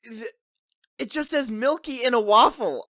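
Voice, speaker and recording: A man's voice: very high-pitched, normal speed, a bit bright, no echo, clean studio sound. A man hosting a podcast in casual chat, reading a list aloud and laughing. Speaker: podcast host.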